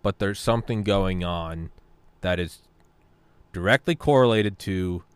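A man's voice: low-pitched, unhurried, clear, resonant tone, no room sound. A man in casual podcast chat, a profane, jokey storyteller who laughs often.

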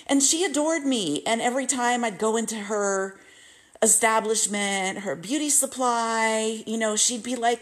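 A woman's voice: a little high, a little slow. A woman podcast host telling personal stories in an earnest monologue, acting out the people she quotes. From United States. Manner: earnest, animated retelling with quoted voices.

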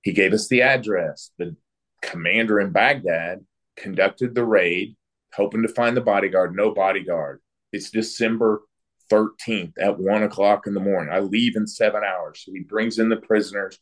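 A man being interviewed, telling a long story from his time as a military interrogator in brisk, anecdotal bursts and acting out the exchanges he quotes. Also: on the low side, a bit bright. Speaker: guest, former military interrogator.

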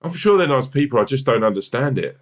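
A man's voice: mid-range voice, big pitch swings, fast. A man co-hosting a podcast in casual chat, rambling and swearing often with lots of restarts. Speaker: podcast co-host.

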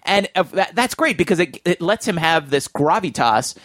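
A man talks through a film in a casual, enthusiastic way, thinking aloud as he goes. His voice sits a little high for a man. The sound is dry and close, with no room around it. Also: expressive, normal speed, a bit bright, dry recording. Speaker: film podcast host.

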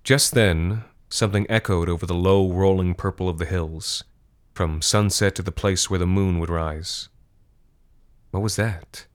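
A man narrating a dark short story in a measured, steady storytelling manner. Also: low-pitched, clean tone. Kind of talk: scripted horror fiction narration.

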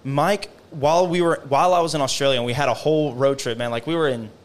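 A man's voice: medium pitch, fairly even intonation, fast. A young man in casual podcast chat, telling stories in a loose, rambling way full of "bro" and "man". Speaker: guest creator.

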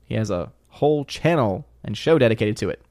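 A man's voice: on the low side, lively intonation, brisk, darkish tone, dry recording, clean studio sound. A man hosting a live stream, reading viewer comments aloud and chatting about them, thinking aloud with restarts and small laughs. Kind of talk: casual live stream chat.

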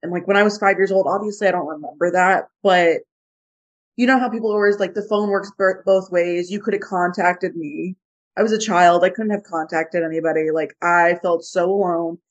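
A woman's voice: on the low side, steady tone, moderate pace. A woman in her twenties co-hosting a podcast, speaking bluntly and frankly about her past. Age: 20s. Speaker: podcast co-host. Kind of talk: candid personal podcast chat. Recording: dull lo-fi sound.

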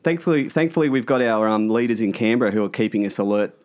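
A man's voice: lowish voice, animated, quick pace, darkish tone. A man with an Australian accent co-hosting a satirical podcast, talking in wry, sardonic banter. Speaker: podcast co-host.

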